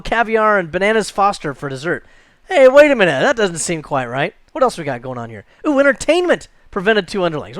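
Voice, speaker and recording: A man teaching a screen-recorded software tutorial, chatty and jokey, thinking aloud as he clicks through. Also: high voice, dry recording. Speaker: computer instructor.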